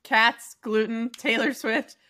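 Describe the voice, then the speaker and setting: A woman's voice: on the high side, steady tone, slow pace, bright, forceful tone. A woman co-hosting a podcast, teasing her guest in casual, playfully judgmental chat. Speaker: podcast co-host.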